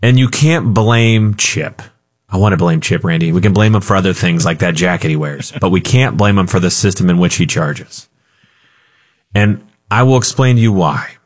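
A man co-hosting a radio talk show, talking casually in a jokey, animated way and laughing often. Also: low voice, moderate pace.

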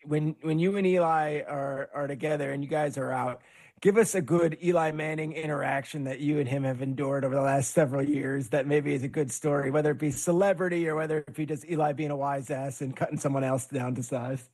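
A man's voice: on the high side, steady tone, a little fast, darkish tone. A man hosting a sports podcast and asking his guests questions. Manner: laughs along, wraps up segments. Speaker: podcast host. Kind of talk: casual interview.

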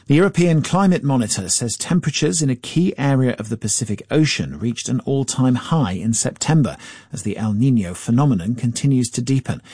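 A man reading a formal news bulletin in a measured, even newsreader delivery. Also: mid-range voice, breathy edge, dry recording, studio quality.

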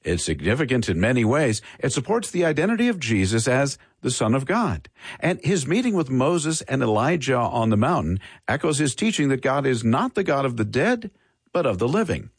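A man hosting a show, reading a scripted introduction in an expressive announcer delivery. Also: mid-range voice, normal speed, breathy edge, no echo, studio quality. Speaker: radio show host.

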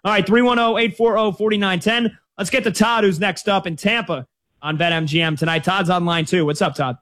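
A man's voice: high-pitched, fairly bright tone. A man hosting a sports talk radio show, chatting conversationally and taking calls. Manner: conversational, quick asides.

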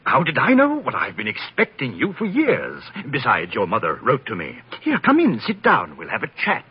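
An actor playing a genial, worldly Catholic monsignor who talks in a warm, knowing, amused way, in a 1940s radio play. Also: male voice, medium pitch, wildly swooping pitch, moderate pace, husky, heavily acted. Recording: lo-fi vintage radio broadcast.

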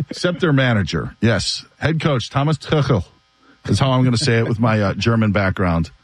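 A man hosting a sports radio show, telling stories in a casual, animated way and laughing often. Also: lowish voice, moderate pace, no echo.

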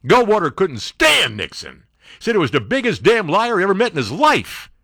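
Sarcastic, animated male talk radio host. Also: high voice, normal speed, gravelly, no echo, clean studio sound. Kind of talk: political commentary on talk radio.

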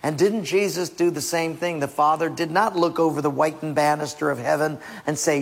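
Gravelly preacher in a reverberant hall. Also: male voice, fairly high pitch, normal speed, hardly any pauses. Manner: acts out biblical and household scenes in shifting voices. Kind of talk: sermon. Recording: long reverb of a large hall.

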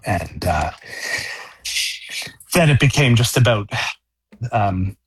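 A middle-aged man speaking as a radio interview guest, halting, with many fillers and restarts. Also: mid-range voice, animated, breathy edge, dry recording. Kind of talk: casual phone-in interview.

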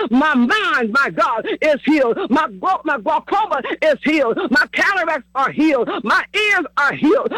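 A man preaching a fervent sermon and prayer, exhorting with repetition and rising to shouts. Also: very high-pitched, no echo, rough recording.

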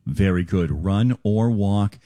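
A man's voice: sits low, takes it slowly, warm tone, no room sound. A man hosting a community radio show, upbeat and affirming his guests as he wraps up the segment. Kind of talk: casual radio interview.

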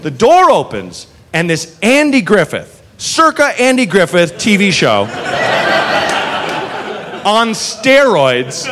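A man doing stand-up, telling a long story with swearing and quick acted-out voices for the people in it. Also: sits high. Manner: animated, swearing, acts out characters in quick voices. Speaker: stand-up comedian. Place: comedy club stage. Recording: live room with faint crowd and noise.

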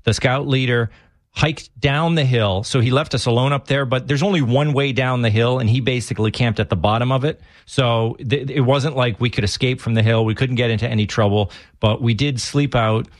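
A man's voice: mid-range voice, brisk, no echo, clean studio sound. A man with a Massachusetts accent, co-hosting a casual chat and telling long, rambling stories full of restarts. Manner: rambling storyteller, many restarts.

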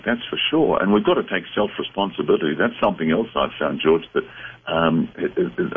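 A man speaking as a psychic medium guest on a talk radio show, explaining in a measured, reflective way. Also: sits low, husky. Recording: phone-line sound.

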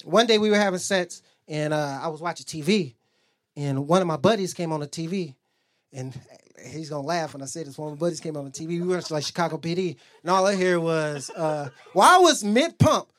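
Stand-up comic, young man, lively profane storyteller, swings his pitch up and down. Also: fairly quick. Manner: profane, storytelling, acts out quotes, audience laughs. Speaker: stand-up comedian. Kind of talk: stand-up routine.

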